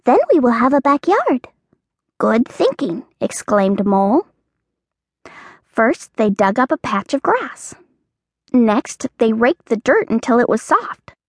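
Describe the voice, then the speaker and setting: A woman narrating a children's audiobook in a clear, expressive storytelling manner. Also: fairly high pitch, dry recording, clean studio sound.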